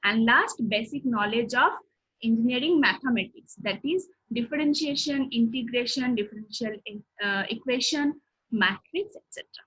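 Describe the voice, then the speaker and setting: Woman lecturer, husky and a bit high, steady explainer, dull lo-fi recording. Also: normal speed. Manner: steady, explanatory, lists topics one by one.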